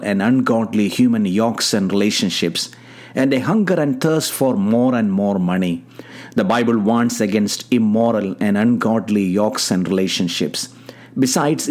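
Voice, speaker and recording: A man giving an earnest, measured devotional sermon and leading a prayer, addressing listeners as beloved, with slightly non-native phrasing. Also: on the low side, darkish tone. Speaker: preacher. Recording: guitar music clearly behind.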